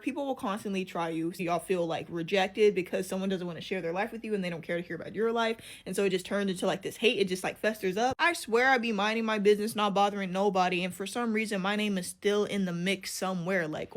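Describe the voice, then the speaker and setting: A woman's voice: medium pitch, a bit bright. A woman ranting to camera about work, blunt, irritated and profane. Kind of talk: rant to camera.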